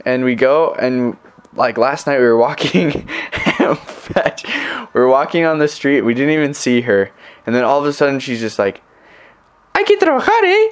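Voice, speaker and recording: Young male missionary, casual voice message home, rambling, filler-heavy, mid-pitched. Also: moderate pace, clean tone. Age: young adult. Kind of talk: casual recorded message to family.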